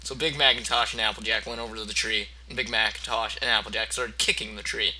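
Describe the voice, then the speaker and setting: A man's voice: fairly low pitch, little pitch movement, fast talker, pushed and bright, a little hiss or hum, poor audio. A man reading a mock audiobook aloud, rambling, stammering and cursing as he goes. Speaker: parody storyteller.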